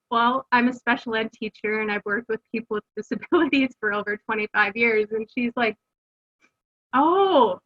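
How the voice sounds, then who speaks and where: A middle-aged woman with a slightly high voice tells her story candidly as an interview guest. She speaks earnestly, full of fillers and restarts. The recording sounds dull and lo-fi. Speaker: guest, homeschooling mother.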